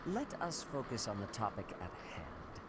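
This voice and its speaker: Give me a stern church official in a video game, formal and clipped, through a loud noisy capture. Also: male voice, fairly low pitch, big pitch swings, normal speed. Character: stern adult male church official, strict.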